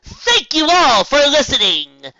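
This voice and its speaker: A woman's voice: sits high, big pitch swings, takes it slowly, no room sound, voice pushed up, heavily acted. A woman voicing a once-boastful young female unicorn who sometimes calls herself by name, recorded on a dull lo-fi home setup. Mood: earnest. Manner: speaks of herself in third person at times, soft storytelling.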